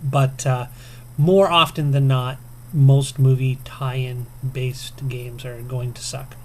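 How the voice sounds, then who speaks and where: A man's voice: medium pitch, level tone, slow, darkish tone. A man vlogging casually to camera, chatty and self-deprecating, with frequent ums and little chuckles. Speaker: video game vlogger. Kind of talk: casual to-camera tag response.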